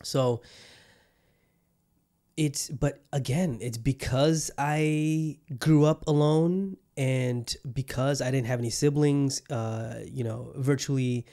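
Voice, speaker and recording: A man's voice: mid-range voice, fairly even intonation, takes it slowly, dark tone. A man hosting a solo podcast in a casual monologue, rambling and restarting his sentences often, loose, joking and profane. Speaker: podcast host.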